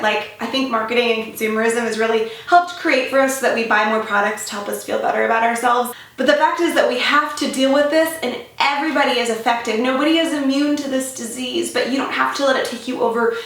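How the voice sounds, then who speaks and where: A young woman vlogging in a casual, upbeat and animated way, giving self-help advice. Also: on the high side, far from the mic. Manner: upbeat, animated, says "freaking" and "you guys". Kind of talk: casual motivational vlog. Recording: echoey room, away from the mic.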